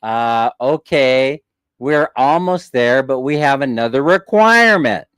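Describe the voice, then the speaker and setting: A man quoting a polite, stiff male bank clerk in a formal, unhurried way. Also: medium pitch, lively intonation, fairly bright tone, clean tone, dry recording, pitched below the performer's own voice. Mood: dry.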